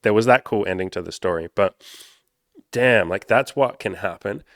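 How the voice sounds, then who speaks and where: A man's voice: on the low side, normal speed, no echo, studio quality. A man, a dating coach, telling a personal story in a candid, rambling way and swearing freely. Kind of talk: casual storytelling monologue.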